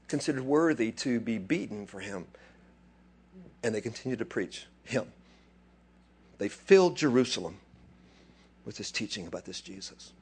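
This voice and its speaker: Husky animated man preaching. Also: mid-range voice. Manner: swings between quiet asides and loud excited bursts. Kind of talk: animated sermon.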